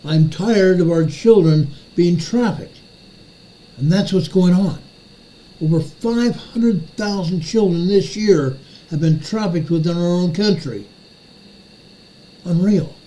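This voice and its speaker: A man's voice: sits high, slow pace, pauses often, dark tone, poor audio. An older man hosting a commentary show, ranting furiously and repeating his phrases for emphasis. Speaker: show host.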